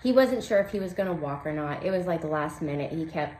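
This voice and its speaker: Chatty lower-voiced woman in echoey room. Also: animated, fairly quick, a little mellow. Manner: chatty, upbeat, many fillers. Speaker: craft vlogger host. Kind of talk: casual chat. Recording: roomy echo, faint background hum.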